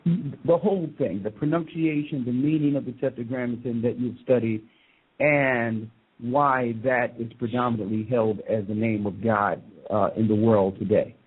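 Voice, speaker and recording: Husky male radio host on a phone line. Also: medium pitch, fairly even intonation. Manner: rambling, halting questions. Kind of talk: radio interview.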